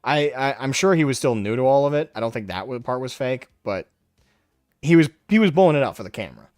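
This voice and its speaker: A man's voice: medium pitch, lively intonation, fast, a little mellow, no echo, studio quality. A man hosting a live stream, talking in a brash, mocking way and taunting people in a raised voice. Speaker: livestream host. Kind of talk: casual livestream commentary.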